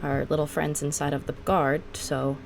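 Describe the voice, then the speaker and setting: A woman playing in a tabletop game, speaking in a deliberate, dry way about what her character does. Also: deep voice, level tone, creaky, a loud crowd. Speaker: player. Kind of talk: casual tabletop play.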